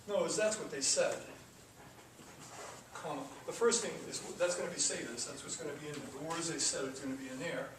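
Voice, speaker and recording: A man's voice: fairly high pitch, brisk. Man teaching code in an echoey classroom. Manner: talks through code step by step, casual asides. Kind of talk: classroom coding lesson. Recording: echoey classroom from far off with noise.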